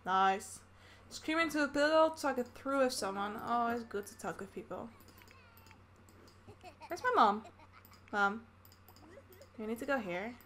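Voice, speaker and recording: Fairly high and a bit bright, this woman's voice moves at a normal speed. She's a YouTuber from the Netherlands doing casual Let's Play commentary on a life-sim game, chattily narrating her own moves over slight background noise.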